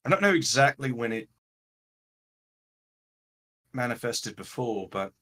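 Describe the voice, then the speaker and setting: A man voicing Raylan, a calm grown leader in a tabletop game, speaking in a measured, earnest way. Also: mid-range voice, full character voice.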